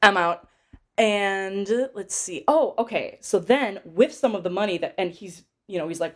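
A woman's voice: mid-range voice, normal speed. Chatty young woman recapping a movie. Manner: chatty, giggly, rambling with fillers. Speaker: podcast host. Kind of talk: casual movie recap chat.

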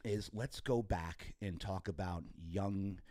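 A man's voice: low-pitched, slow pace, mellow, no echo, studio quality. A man hosting a podcast in a casual, rambling, enthusiastic interview style, with many restarts. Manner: effusive and talkative. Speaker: podcast host.

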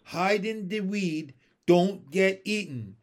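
A man voicing a stubborn male frog prince who talks in slow, clipped, broken phrases. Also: sits high. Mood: commanding. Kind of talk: storybook read-aloud.

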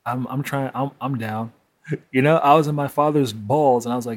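A man talks alone into the mic in a loose, candid monologue, swearing freely and breaking into short laughs. His pitch sits in an ordinary middle range for a man. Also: fairly even intonation, moderate pace. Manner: candid, profane, laughs between points. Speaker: podcast host. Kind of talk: solo monologue.

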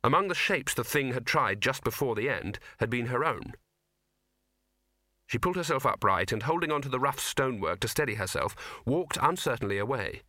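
A man reads a comic fantasy novel aloud with wry, expressive timing. His voice is bright and forward, and the studio sound is completely dry, with no room around it. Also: mid-range voice, normal speed, dry recording. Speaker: audiobook narrator. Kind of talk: scripted narration.

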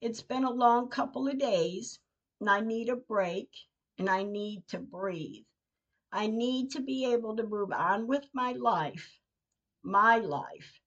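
A woman hosting a podcast, reading her personal diary entries aloud in a measured, emotional way. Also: on the high side, lo-fi sound. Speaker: podcast host.

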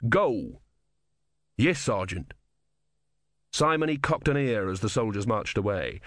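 A man narrating an audiobook with expressive storytelling. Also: medium pitch, no room sound, studio quality. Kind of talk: scripted narration.

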